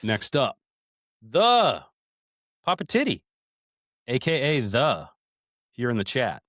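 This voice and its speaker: A man's voice: mid-range voice, wildly swooping pitch, slow pace, fairly bright tone, no echo, clean studio sound. A man in his thirties co-hosting a casual podcast, talking in a profane, rambling way and calling everyone "dude". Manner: profane, rambling storyteller, calls listeners "dude". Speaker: podcast co-host.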